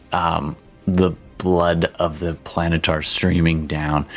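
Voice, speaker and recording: A man narrating a tabletop game as game master, halting with frequent ums and restarts. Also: deep voice.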